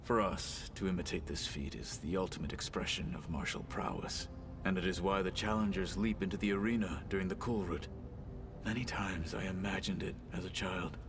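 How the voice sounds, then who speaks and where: A man's voice: low voice, a little fast, background noise. An actor playing a stern, grave male tribal warrior in a video game, speaking in a formal, solemn, clipped way. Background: game music.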